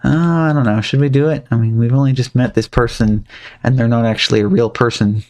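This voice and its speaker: Gravelly joking game streamer man. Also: mid-range voice, fairly even intonation, brisk, a little mellow. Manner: chatty, joking. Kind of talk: let's-play commentary.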